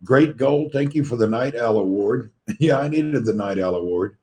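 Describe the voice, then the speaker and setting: A man's voice: medium pitch, animated, normal speed, darkish tone. A man with a Southern US accent hosting a casual livestream, greeting viewers by name and chatting, his voice tired and a little crackly from lack of sleep. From Tennessee, USA. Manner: friendly, greets viewers one by one. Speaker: livestream host. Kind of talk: casual livestream chat, reading out viewer comments.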